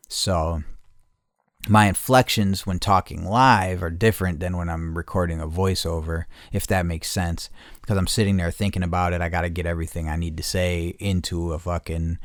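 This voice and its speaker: A man with a low, deep voice talks through a casual solo podcast episode. He rambles and swears constantly, trips over his own phrasing, and now and then jumps up into loud, excited outbursts. The sound is dry and close, with almost no room echo. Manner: rambling, profane, self-correcting; swings to loud excited bursts. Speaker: podcast host.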